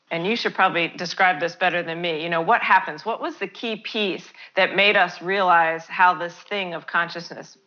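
Woman host, casual and enthusiastic; bright tone, lowish pitch; dull recording. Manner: chatty, enthusiastic, laughs easily. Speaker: interviewer. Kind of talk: casual interview chat.

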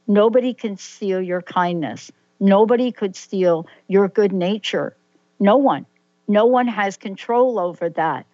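A woman's voice: medium pitch, a little slow, dark tone, no echo, muffled recording. A woman hosting an interview, telling stories and asking open questions. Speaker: host. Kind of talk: interview conversation.

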